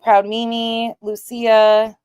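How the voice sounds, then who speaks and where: A woman's voice: a little high, monotone, slow, a little mellow, smooth, dry recording, dull audio. A woman hosting a casual livestream, greeting viewers by name and chatting bluntly, swearing now and then. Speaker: livestream host.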